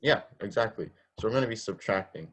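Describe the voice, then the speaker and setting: A man's voice: fairly low pitch, expressive, fast, fairly bright tone. A man teaching a robotics class online, explaining step by step, asking students questions and often restarting his sentences. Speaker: robotics instructor. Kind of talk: online coding lesson.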